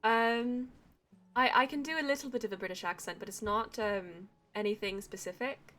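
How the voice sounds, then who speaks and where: Bright Atlantic Canadian woman streamer. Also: on the high side, moderate pace. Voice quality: slight Valley Girl sound. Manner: chatty, rambling, laughs often. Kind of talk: casual chat while gaming.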